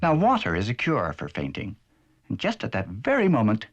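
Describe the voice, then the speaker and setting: A man narrating a children's cartoon in a gentle, expressive storybook manner. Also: on the low side, moderate pace, muffled recording, very noisy.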